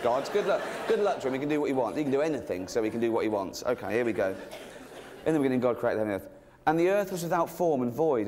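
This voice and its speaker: English male comic, mid-range voice, mock-serious stand-up with excited bursts, noisy live room with laughter behind. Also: medium pitch. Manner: mock-earnest, halting with ums, bursts into giddy excitement. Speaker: stand-up comedian. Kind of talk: stand-up comedy routine. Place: live comedy stage.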